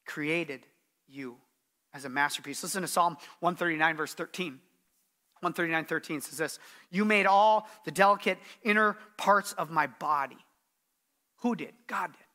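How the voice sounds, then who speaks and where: A man's voice: fairly high pitch, moderate pace, bright, forceful tone. A middle-aged man preaching a sermon as pastor, earnest and emphatic, repeating his key phrases.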